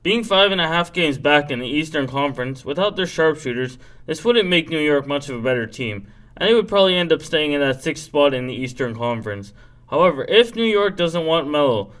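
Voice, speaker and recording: A man's voice: on the high side, lively intonation, fairly quick, fairly bright tone. Man reading a scripted sports rundown. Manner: reads from a script, loses energy with asides. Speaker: podcast host.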